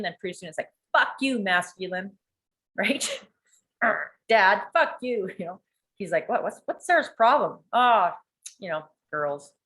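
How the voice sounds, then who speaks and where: A woman telling a candid family story in an animated way, swearing freely and acting out what people said. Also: deep voice. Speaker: coaching client sharing a story.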